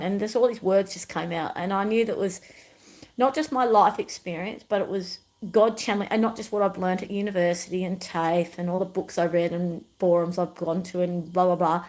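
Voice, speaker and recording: A woman's voice: mid-range voice, steady tone, brisk, darkish tone, low-quality recording. A middle-aged woman, hosting her own livestream and telling personal stories in an emphatic, rambling way with many repetitions. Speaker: YouTube channel host.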